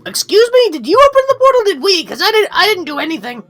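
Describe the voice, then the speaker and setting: A woman voicing a small, excitable male adventurer who fires off eager, bubbly questions. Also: extremely high pitch, heavily acted. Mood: confused. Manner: bubbly, rapid-fire questions.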